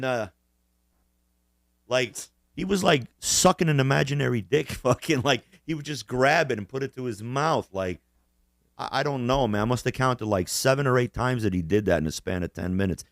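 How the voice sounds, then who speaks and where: A man's voice: mid-range voice, gravelly, no room sound, clean studio sound. A man co-hosting a casual podcast chat, swearing constantly and rambling, often laughing as he mimics people. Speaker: podcast co-host.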